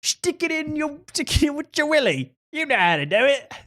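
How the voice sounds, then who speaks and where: A man putting on a crude, flirty British woman in a shrill falsetto with a mock British accent. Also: sing-song, brisk, pushed and bright, heavily acted. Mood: bawdy.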